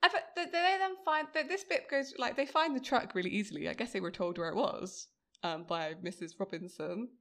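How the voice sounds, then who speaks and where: A woman's voice: medium pitch, expressive, brisk, fairly bright tone. A woman co-hosting a podcast, chatting casually about a TV episode, laughing often. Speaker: podcast co-host. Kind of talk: casual chat recapping a TV episode.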